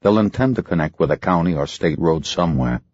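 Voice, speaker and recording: A cold, controlled man giving orders, voiced by an audiobook narrator, deep and husky, firm and steady. The recording is dry and dull. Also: brisk, no room sound. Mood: commanding. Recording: muffled lo-fi recording.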